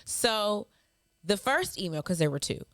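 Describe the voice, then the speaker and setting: A woman co-hosts a casual podcast and reads viewer hate mail aloud. She answers it with mocking, sassy clapbacks and breaks into laughter along the way. Her voice sits at a middling pitch and sounds dry and close. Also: sing-song, unhurried, dry recording. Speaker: podcast co-host.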